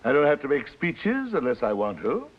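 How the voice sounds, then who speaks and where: A gentle, firm older grandfather. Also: mid-range voice, wildly swooping pitch, normal speed. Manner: mild, plainspoken. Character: proud retired-age grandfather, gentle and firm. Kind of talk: 1950s film acting. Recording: dull old film soundtrack.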